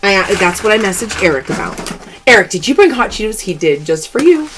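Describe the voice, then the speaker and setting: A woman's voice: medium pitch, very animated, fairly quick, background noise. A woman hosting a live-stream sale, chatting casually, calling out games and thanking viewers by name. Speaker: host of a live pearl-opening sales stream.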